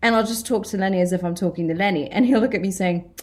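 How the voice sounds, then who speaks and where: A young British woman, an actor, chatting in an interview, excitable and self-deprecating, often laughing. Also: mid-range voice, fast, noisy background. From Britain. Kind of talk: interview chat.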